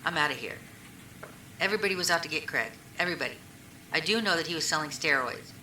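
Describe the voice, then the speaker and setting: Low-voiced woman in an echoey interview. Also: animated, very fast, bright, forceful tone. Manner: rambling, retells conversations, many fillers. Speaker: witness being questioned. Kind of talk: recorded police interview. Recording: echoey room recording, faint hiss.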